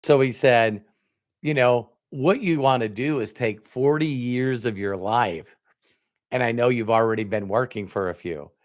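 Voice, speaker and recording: A man's voice: mid-range voice, unhurried. A middle-aged man, a motivational speaker, telling a personal story to an audience and acting out both sides of a conversation. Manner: animated storyteller, acts out both sides of dialogue.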